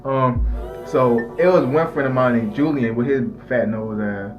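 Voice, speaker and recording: A young man telling a casual story in a loose, rambling way, restarting his sentences and tossing in slangy asides. His pitch sits in the middle, and faint music plays behind him. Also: normal speed, lo-fi sound. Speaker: storytelling vlogger.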